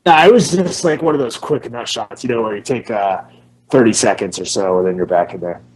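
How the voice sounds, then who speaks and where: A man's voice: on the low side, fairly quick, slight background noise. A man who coaches martial arts, co-hosting a casual podcast with crude, joking banter.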